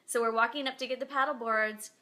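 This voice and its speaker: High bright-voiced chatty woman. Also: steady tone, fast talker. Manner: chatty, rambling with many fillers. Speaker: podcast host. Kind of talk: casual chat to viewers. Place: at home beside her bed.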